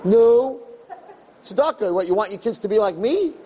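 A man putting on a pushy, high-pitched teenage boy. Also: animated, normal speed, warm tone, highs cut off, slight background noise. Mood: insistent. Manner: insistent, pleading, rising high.

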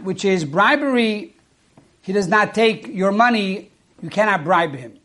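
High-voiced rabbi preaching a sermon. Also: male voice, a bit bright. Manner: measured teaching with rhetorical questions.

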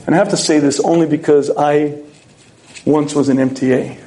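Animated middle-aged rabbi, higher voice. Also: male voice, normal speed. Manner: animated storyteller who acts out quoted voices and often clears his throat. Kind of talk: sermon with stories.

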